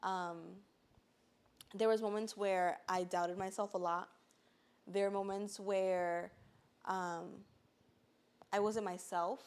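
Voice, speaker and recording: A woman's voice: mid-range voice, steady tone, takes it slowly, pauses often, smooth. Podcast guest type: a woman with a mid-range voice telling her story earnestly and plainly. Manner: earnest, filler-heavy, fighting back tears at times. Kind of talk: casual personal testimony.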